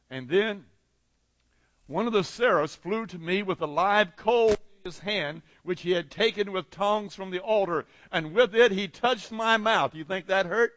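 High-pitched preacher guy, passionate, loud then quiet, dry dull-sounding recording. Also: no echo. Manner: impassioned preaching with dramatic swings in volume. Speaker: pastor. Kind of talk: sermon.

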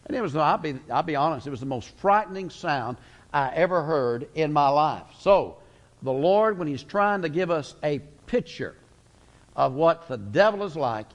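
A man's voice: medium pitch, dull audio. A middle-aged man preaching a folksy, emphatic sermon as a guest preacher in a church. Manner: folksy, emphatic, slows words for weight. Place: church sanctuary.

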